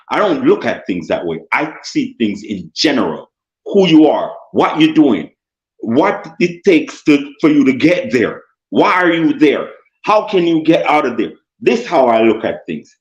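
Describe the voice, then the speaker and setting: A Jamaican man arguing insistently in a heated debate, repeating himself and talking over others. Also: mid-range voice. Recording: roomy, dull lo-fi sound.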